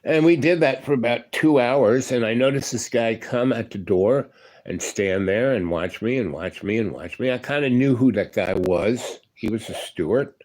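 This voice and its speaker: A man's voice: mid-range voice, normal speed, a little mellow. A man in his seventies, a former union electrician, telling a long story in a rambling, casual way and tossing in "you know" and "right?". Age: 70s.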